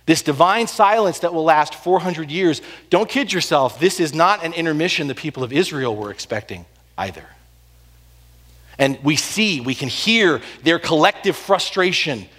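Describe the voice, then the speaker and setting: A man preaching a sermon, telling the story with animated swings between loud and hushed delivery. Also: fairly high pitch. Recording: long hall reverb.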